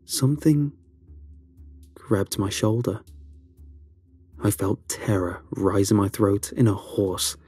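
A man reading a first-person horror story aloud, with a slow, dramatic storytelling delivery. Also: on the low side, mellow, slightly rough. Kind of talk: scripted horror narration.

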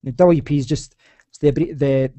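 A man's voice: fairly high pitch, fairly even intonation, normal speed, mellow, dry recording. A young Scottish man hosting a casual podcast chat, talking in a rambling way with many restarts. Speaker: podcast host.

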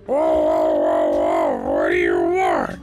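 A gruff, very deep game character. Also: male voice, steady tone, takes it slowly, over loud music, exaggerated voice.

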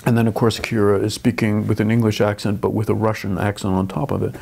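A man's voice: lowish voice, flat delivery, quick pace, gravelly, darkish tone. An older man, a film director, talking thoughtfully in an interview with frequent restarts. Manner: thoughtful, restarts often, dry chuckles. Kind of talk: interview conversation.

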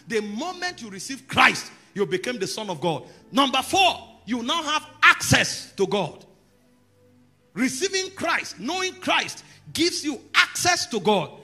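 A man, preaching with a husky, bright edge and a voice that leaps high and low. He moves from calm teaching to loud, emphatic declarations. Soft music plays behind him. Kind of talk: sermon.

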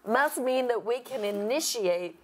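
A woman's voice: on the high side, animated, a little slow. A woman co-hosting a faith talk show, affirming and echoing the preacher's words. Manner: affirming, echoes the speaker's words.

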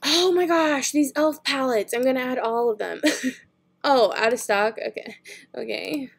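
A young woman with a high, gravelly, husky voice takes her time as she browses makeup online. A beauty vlogger, she chats casually, thinks aloud, and giggles a lot.

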